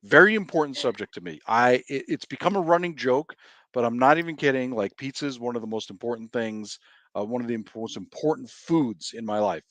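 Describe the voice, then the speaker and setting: A man's voice: mid-range voice, lively intonation, brisk, a bit bright, no room sound. A man co-hosting a livestream trivia game, casual and jokey, breaking into mock-outraged rants. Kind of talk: casual chat.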